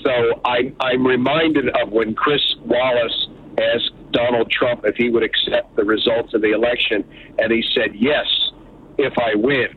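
A man calling in to a talk radio show, chatty and halting. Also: mid-range voice, fairly even intonation. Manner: chatty, hesitant restarts. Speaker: caller. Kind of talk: phone-in call. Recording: tinny phone line with faint hiss.

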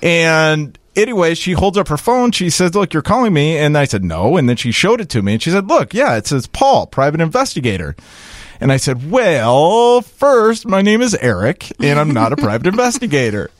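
A man hosting a casual podcast chat, telling a dating story with lively acted-out dialogue. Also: a little high, fairly quick, no room sound, clean studio sound. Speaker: podcast host.

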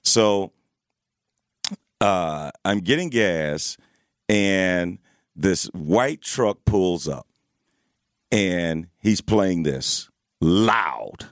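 A man's voice: deep voice, animated, drawn-out words, long pauses, no room sound. A man hosting a radio show in casual banter, laid-back and often laughing, recorded on a studio microphone.

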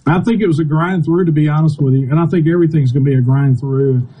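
A man speaking as a baseball analyst over an internet call, measured and thinking aloud as he goes. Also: on the high side, dull audio. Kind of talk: casual sports analysis.

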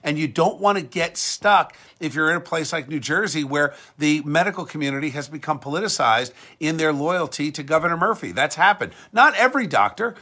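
A man's voice: fairly high pitch, lively intonation, brisk, hardly any pauses, bright, forceful tone. A man hosting a talk show, delivering an emphatic, combative monologue that often repeats words and restarts when heated. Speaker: podcast and show host. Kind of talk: talk-radio style monologue.

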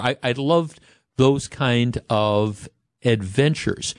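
A man's voice: medium pitch, slow, dry recording, clean studio sound. A middle-aged man from Wisconsin hosting a radio talk show, rambling chattily with many restarts. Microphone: studio microphone.

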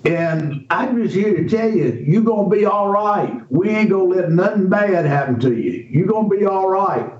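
A man from quoting a kind local man who soothes a crash victim, in a folksy, reassuring tone, with a raised pitch. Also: animated, moderate pace, few pauses, darkish tone. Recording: roomy, distant, dull radio recording.

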